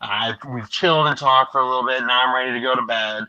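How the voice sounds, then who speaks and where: A man hosts a relaxed live stream and chats about his week. He tells his stories with energy and slips into voices when he quotes people. His tone is bright and forward. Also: mid-range voice, fast, muffled recording. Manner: animated storyteller, acts out quotes. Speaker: livestream host. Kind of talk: casual chat.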